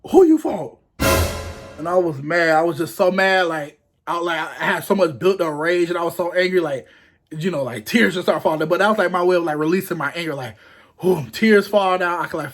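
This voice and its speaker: A young man casually telling a story to the camera, animated and acting out what people said, laughing often. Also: on the high side, a little fast. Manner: animated, acts out quotes in raised voices, laughs often.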